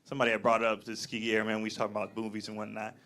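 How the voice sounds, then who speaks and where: A man performing a live stand-up set on a comedy club stage, telling stories loudly and acting out voices into a handheld mic. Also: lowish voice, very fast. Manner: loud, animated storytelling with acted-out voices. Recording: live club crowd and noise.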